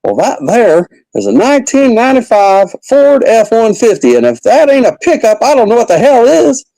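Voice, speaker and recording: A man's voice: very high voice, huge pitch swings, moderate pace, creaky, warm tone, dry recording, pitched above the performer's own voice, exaggerated voice, rough recording. A man voicing his dim-witted redneck cousin in a country accent, telling a rambling story. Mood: indignant storytelling. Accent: Southern US country.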